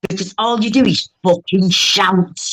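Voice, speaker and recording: A woman's voice: medium pitch, a little slow. An older woman, angrily swearing and hurling insults in a livestream argument.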